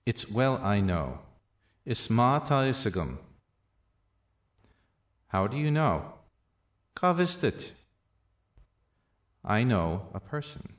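A man teaching a language lesson, reading out practice sentences and their translations slowly and deliberately, with softer asides. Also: sing-song. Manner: slow and deliberate, with soft low asides.

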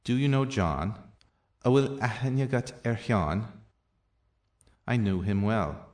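A man teaching a language lesson, reading out practice sentences and their translations slowly and deliberately, with softer asides. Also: animated. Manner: slow and deliberate, with soft low asides.

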